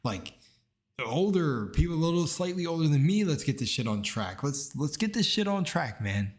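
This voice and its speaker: A man's voice: a little high, very animated, normal speed. Young man in a rambling, swearing rant. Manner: rambling, slangy, says bro a lot; heated, swears freely. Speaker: video commentator. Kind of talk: casual reaction commentary.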